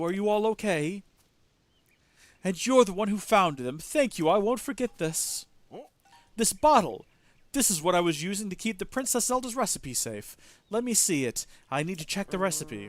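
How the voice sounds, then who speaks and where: A man's voice: high voice, pitched above the performer's own voice. A man reading game dialogue aloud as an earnest, apologetic male goat keeper who frets over his animals. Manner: emotional, fretful and heartfelt.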